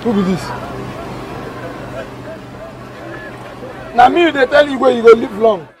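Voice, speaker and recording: Scornful Nigerian village king, high-pitched and threatening, crowd noise outdoors. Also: quick pace, darkish tone. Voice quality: blustering, mocking, threatening. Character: domineering male village king, mocking and threatening.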